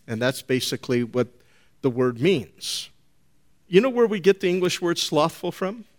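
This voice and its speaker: A man preaching a sermon, speaking to his congregation with folksy, teasing asides. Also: a little high. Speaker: pastor.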